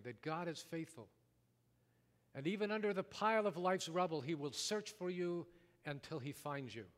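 A man preaching a sermon, telling a story dramatically, rising loud and dropping to a hush. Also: a little high. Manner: dramatic storytelling, wide swings from loud to hushed. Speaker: pastor. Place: church sanctuary. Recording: long reverb of a large hall.

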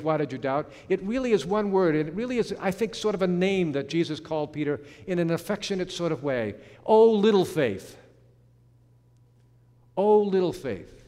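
A middle-aged or older male pastor preaching a sermon in an earnest way, slowing down to stress key phrases. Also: a little high, a little mellow. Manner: earnest, slows for emphasis, some restarts. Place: church sanctuary. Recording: long hall reverb.

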